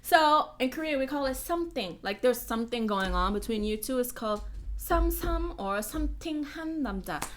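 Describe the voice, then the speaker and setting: Chatty American woman, high voice. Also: normal speed, a little hiss or hum. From United States. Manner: chatty and animated, jumps from loud exclamations to whispered asides. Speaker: YouTuber hosting a live stream Q&A. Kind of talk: casual live-stream chat.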